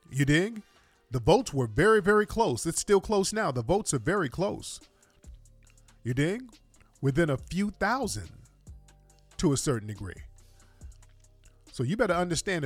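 Animated man with a mocking edge. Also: on the high side, no echo. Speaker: political commentary host. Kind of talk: casual livestream commentary.

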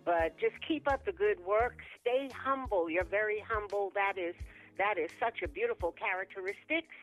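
A woman calling a radio show, praising the host in a warm, slightly formal way. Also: mid-range voice, normal speed, soft background music, rough recording. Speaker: caller. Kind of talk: phone call to a radio show.

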